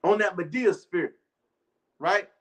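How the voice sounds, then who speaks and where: A man's voice: high-pitched, poor audio. A man preaching an informal sermon, talking loosely and constantly checking in with his listeners. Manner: loose, rhetorical, keeps asking "right?"; reads scripture slowly and deliberately.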